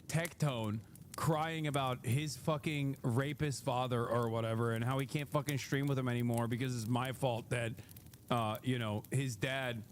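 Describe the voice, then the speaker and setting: A man's voice: mid-range voice, slight background noise. A man hosting a livestream, giving casual commentary in a heated, profane rant, often laughing. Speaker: livestream host.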